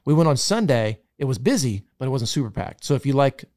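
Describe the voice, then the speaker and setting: A man on a podcast, chatting casually as he runs through the places he went. His pitch swings around a lot, and he tells it like a story. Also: sing-song, quick pace, a little mellow. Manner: chatty storytelling, restaurant reviews. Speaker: podcast host. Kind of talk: casual chat.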